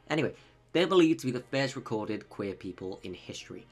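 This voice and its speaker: A man's voice: lowish voice, expressive, fairly quick, husky, soft background music. A man hosting a video, narrating history with jokey, sarcastic asides. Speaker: video host. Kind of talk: comedic educational narration.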